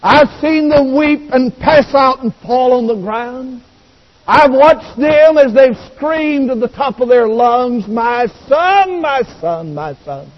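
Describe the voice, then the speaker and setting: High voiced preacher guy going slow, swinging loud to hushed, dull old recording. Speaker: pastor. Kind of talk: sermon. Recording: dull recording with long hall reverb.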